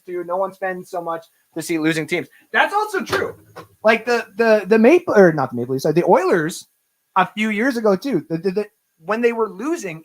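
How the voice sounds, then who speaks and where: A young man hosting a sports livestream, ranting with profanity and reading chat comments aloud. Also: sits high. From Canada. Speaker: sports podcast host.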